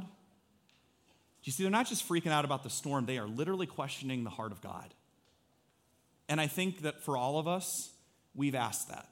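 Speaking at a slightly fast pace in a mid-range voice, a pastor in his thirties gives an animated, talky sermon. Along the way he acts out brief quotes from his family and the people listening.

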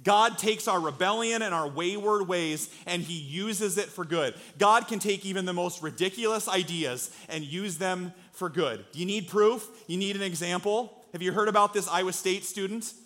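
Earnest high-voiced male pastor preaching. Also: normal speed, hardly any pauses, pushed and bright. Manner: earnest, conversational preaching with rhetorical questions. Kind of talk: sermon. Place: church sanctuary.

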